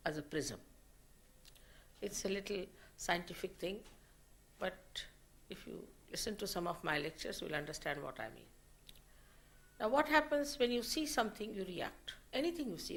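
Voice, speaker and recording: A woman giving a slow, deliberate spiritual lecture, in a 1990 archive recording. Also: medium pitch, creaky, a bit bright. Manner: slow, deliberate teaching with rising emphasis. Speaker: spiritual teacher.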